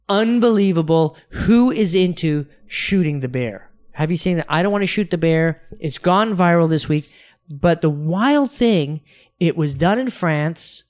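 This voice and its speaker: A man's voice: high-pitched, clear, resonant tone. A man co-hosting a casual podcast, telling stories with lots of energy, acting out quotes and restarting his sentences. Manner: animated storyteller, acts out quotes, many restarts. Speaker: podcast co-host.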